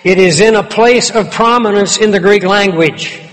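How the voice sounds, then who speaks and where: Man, preacher, high voice, emphatic expository sermon, long reverb. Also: moderate pace, fairly bright tone, soft background music.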